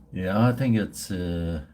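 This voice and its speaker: Slow, rambling man. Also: sits low, noisy background. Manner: rambling and profane. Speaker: livestream host. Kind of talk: casual chat with viewers.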